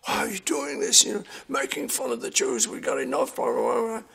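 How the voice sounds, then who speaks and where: A man acting out a furious older man on the phone, shouting outraged threats. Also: sits high, very animated, fairly quick, gravelly, breathy edge, pitched above the performer's own voice, exaggerated voice.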